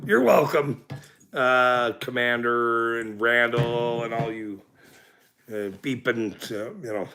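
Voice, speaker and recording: Man, gravelly, slow, profane, laughing, rambling. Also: mid-range voice, fairly bright tone. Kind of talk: angry ranting then casual chat.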